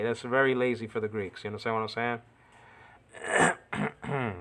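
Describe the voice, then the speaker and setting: A man's voice: medium pitch, flat delivery, normal speed, long pauses, a bit bright. A man giving an informal language lesson, repeating words to correct pronunciation and often checking understanding with "okay". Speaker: teacher.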